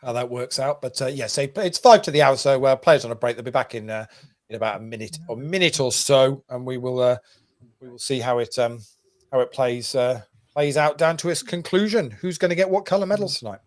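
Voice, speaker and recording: A man's voice: medium pitch, brisk. Easygoing male co-host giving updates. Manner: relaxed, many ums and uhs while updating scores. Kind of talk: casual show commentary.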